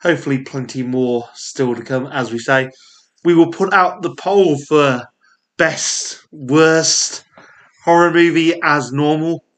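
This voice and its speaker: A man's voice: on the high side, takes it slowly, fairly bright tone. A man with a Yorkshire accent co-hosting a podcast in casual chat. He laughs often and talks in rambling asides. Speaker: podcast co-host.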